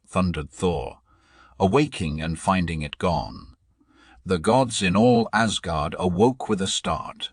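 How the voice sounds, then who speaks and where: A male narrator reading a storybook audiobook in a measured, dramatic way. His voice is very low and husky, and he takes his time. The sound is close and dry, as from a studio booth. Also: lively intonation, dry recording.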